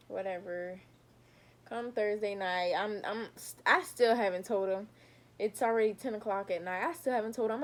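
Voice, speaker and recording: Chatty young woman telling a storytime. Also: mid-range voice. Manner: chatty, talks straight to viewers, animated retelling. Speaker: vlogger telling her own story. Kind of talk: casual storytime vlog.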